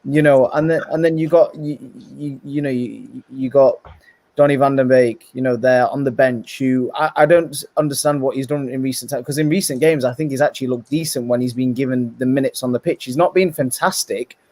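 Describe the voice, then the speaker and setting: A man's voice: mid-range voice, fairly quick, dry recording. Opinionated man, dry sound. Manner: animated, opinionated, repeats words when starting. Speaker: podcast guest, rival football fan. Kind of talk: casual chat, football debate.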